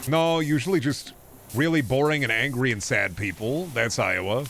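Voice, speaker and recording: A man's voice: mid-range voice, brisk, fairly bright tone, a little hiss or hum. A man streaming a game, ranting casually in a rambling, sarcastic and profane way. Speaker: gaming streamer. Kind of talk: casual ranting chat while playing.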